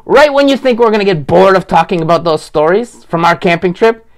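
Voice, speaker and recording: Man playing a gentle puppet pal, raised voice, soothing and encouraging. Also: high voice, lively intonation, brisk, voice pushed up. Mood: reassuring. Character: gentle reassuring puppet friend Magenta. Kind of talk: children's puppet show.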